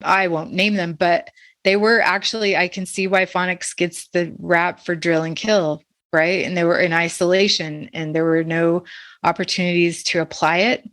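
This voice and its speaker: Low-voiced woman, thoughtful podcast educator. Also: little pitch movement, moderate pace, a bit bright, dry recording. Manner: thoughtful, asks questions, laughs lightly. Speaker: literacy educator and podcast panelist. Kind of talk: casual podcast discussion.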